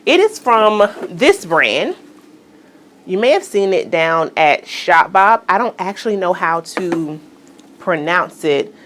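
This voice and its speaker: A woman vlogger talks through her outfit in a chatty, playful way, calling out to her viewers as friends. Her voice sits low for a woman but swings widely up and down as she gets excited. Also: slow pace, slight background noise. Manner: playful, exclaims "girl" and "y'all", chatty and animated. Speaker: fashion vlogger. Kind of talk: casual try-on vlog chat.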